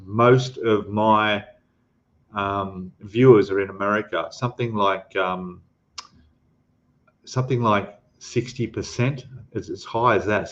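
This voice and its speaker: A man's voice: fairly low pitch, highs cut off. A man from Queensland with an Australian accent, hosting a casual livestream chat, rambling and greeting chatters as "mate". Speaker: livestream host. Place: home in Thailand.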